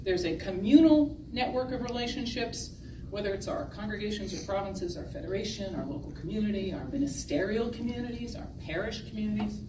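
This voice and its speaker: A woman's voice: medium pitch, expressive, a little fast. A woman giving a humorous, self-deprecating talk to an audience of sisters, often laughing at her own stories. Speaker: speaker at a gathering of sisters. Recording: echoey hall from far off with noise.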